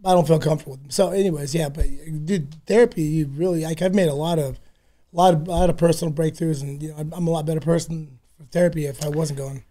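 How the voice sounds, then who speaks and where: A man guesting on a casual podcast chat, talking in a raspy voice, rambling and swearing freely. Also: fairly high pitch, fairly even intonation, quick pace, dark tone.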